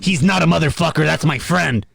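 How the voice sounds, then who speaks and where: A man's voice: fairly high pitch, a little fast, gravelly, fairly bright tone, husky, no room sound. A man from San Diego co-hosting a podcast, bantering playfully in casual joking chat. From San Diego, United States. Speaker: podcast co-host.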